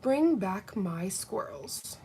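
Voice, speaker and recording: A woman hosting a nail polish livestream from home, chatting casually and reading out viewers' comments in a warm, gushing, heartfelt way. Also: mid-range voice, big pitch swings, slow pace, husky. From Canada.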